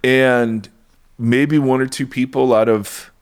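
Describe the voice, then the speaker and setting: A man's voice: mid-range voice, steady tone, slow pace, clean tone. A man co-hosting a podcast sounds worn out after a booster shot. He rambles in a playful, self-mocking way, with a mid-range voice. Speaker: podcast co-host. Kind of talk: casual chat.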